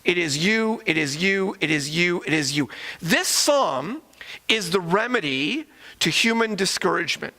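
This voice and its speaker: Male pastor, sermon delivery, very high and piercing tone, long church reverb. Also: bright, forceful tone. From Canada. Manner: rhetorical questions, emphatic preaching. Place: church sanctuary.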